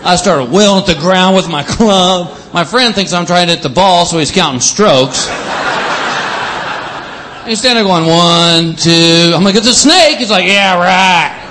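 A man's voice: high-pitched, normal speed, a little hiss or hum. A man doing a stand-up comedy set, telling stories and acting out the other people's voices. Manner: animated storytelling with acted-out voices.

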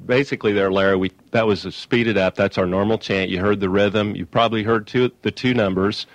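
A man who teaches auctioneering, speaking fast on a call-in radio show. He explains plainly, then breaks into quick rhythmic chants of bids. The sound is dry and close, with no room in it. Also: on the low side, steady tone, no room sound. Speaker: auctioneer instructor, radio guest.

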